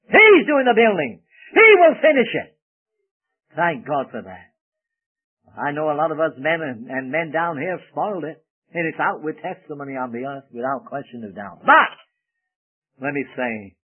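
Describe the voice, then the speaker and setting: A man preaching a sermon in an earnest, emphatic way, swelling loud on key phrases and dropping soft again. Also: medium pitch, slightly rough. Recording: tinny phone-like old radio broadcast.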